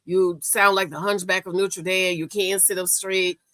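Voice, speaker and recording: Sassy, bright-voiced woman recapping TV. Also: lowish voice, moderate pace, dry recording. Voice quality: sassy, animated, talks straight to the people she reviews. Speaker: reality TV recap host. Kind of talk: casual commentary.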